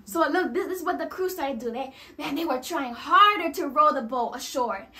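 A woman preaching a sermon, animated and acting out quoted voices as she addresses the congregation. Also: high-pitched, moderate pace.

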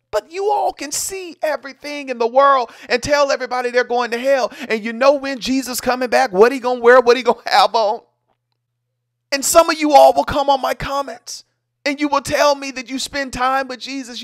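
A man's voice: extremely high pitch, fairly bright tone, no room sound, clean studio sound. A man hosting an opinion commentary vlog, talking emphatically and straight to his viewers. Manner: emphatic, direct address to viewers. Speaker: online commentary host.

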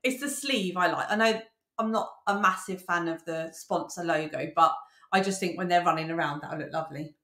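A woman's voice: lowish voice, fairly quick, echoey room. A woman co-hosting a casual chat, giggly and understated. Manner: giggly, understated, lively intonation. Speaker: co-host.

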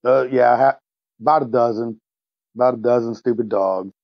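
A man's voice: mid-range voice, normal speed, dry recording. A man playing a tabletop game, describing his hero's actions in a blunt, casual way. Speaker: player. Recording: slightly muffled lo-fi audio.

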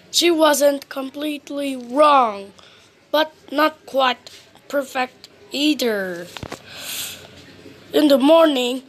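Slow, high-voiced woman reading a storybook. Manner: slow, careful storytelling with friendly asides to the listener. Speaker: storybook reader. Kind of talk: children's read-aloud narration.

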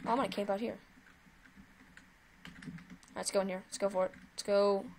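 A woman hosting her own gaming video, giving chatty, excitable live commentary while she plays and cheering at her wins. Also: medium pitch, brisk, a little hiss or hum.

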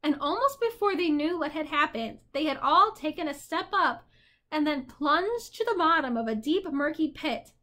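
A woman reading a children's novel aloud with expressive storytelling. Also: sits high, normal speed. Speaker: narrator.

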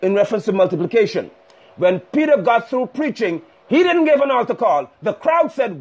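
A man's voice: extremely high pitch, big pitch swings, moderate pace, darkish tone, husky. A male preacher delivering a fiery, scolding sermon live over a phone stream. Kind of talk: sermon on a livestream. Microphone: phone livestream.

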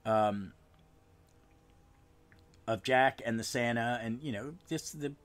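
Rambling man recapping a comic. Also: medium pitch. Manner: rambling, halting, with frequent restarts and trailing asides. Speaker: podcast host. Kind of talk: casual comic book recap.

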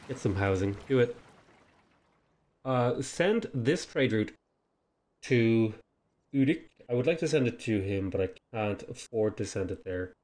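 A man's voice: mid-range voice, lively intonation, a little slow, pauses often, a little mellow. A man hosting a strategy game let's play, thinking aloud in casual commentary and talking back to the game's units.

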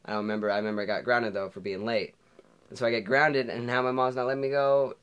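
A man's voice: medium pitch, level tone, fast talker, a bit bright, clear, resonant tone, muffled recording. A teenage boy telling a storytime vlog, rambling with lots of hedges and self-corrections. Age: teens. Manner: rambling, many fillers and restarts. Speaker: vlogger. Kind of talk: storytime monologue.

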